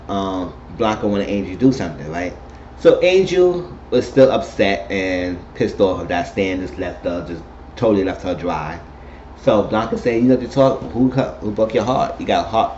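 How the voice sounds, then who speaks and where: A man giving a casual, animated spoken recap of a TV episode, retelling scenes and quoting the characters. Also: mid-range voice. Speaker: TV recap host. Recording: dull lo-fi recording with faint noise.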